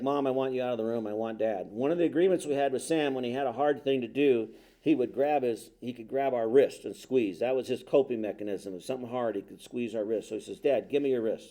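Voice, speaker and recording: A man's voice: medium pitch, dark tone. A middle-aged man giving a talk, telling a personal story in a conversational, self-deprecating way with quoted dialogue. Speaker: speaker.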